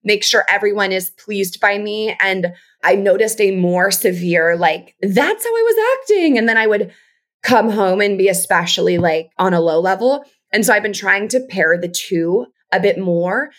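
A woman's voice: mid-range voice, normal speed, fairly bright tone. A woman speaking as a podcast guest in casual chat, reflective and full of "like" fillers.

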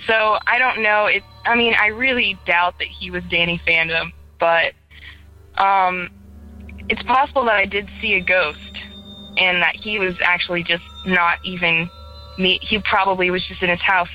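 A woman's voice: on the low side, steady tone, normal speed, highs cut off, faint music behind. A young woman calling in to tell a ghost story in casual first person, chatty and full of "like," acting out the dialogue as she goes. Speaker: caller sharing a ghost story.

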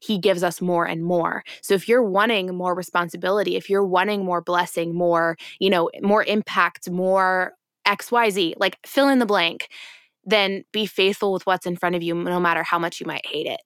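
A young woman co-hosting a faith-based podcast, telling a personal story in an earnest, reflective way and slowing down on key points. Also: on the low side, fairly even intonation, a bit bright, clean tone, no echo, clean studio sound. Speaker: podcast co-host.

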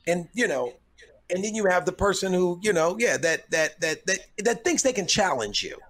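A middle-aged comedian, a guest on a podcast, who tells stories in a measured way, often restarting as he gathers his thoughts. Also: sits high, expressive, fairly bright tone. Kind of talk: conversational storytelling.

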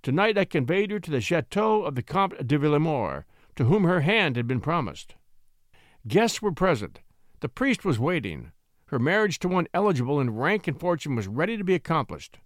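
A man's voice: a little high, sing-song, moderate pace, no echo, clean studio sound. A man reading the part of a domineering aristocratic older uncle who gives curt, commanding orders. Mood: imperious.

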